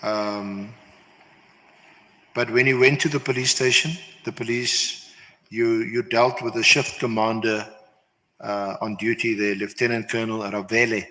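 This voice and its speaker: A man questioning a witness at a formal hearing, deliberate and hesitant. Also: fairly low pitch, fairly even intonation, pushed and bright. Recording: hall reverb, played inside a reaction stream.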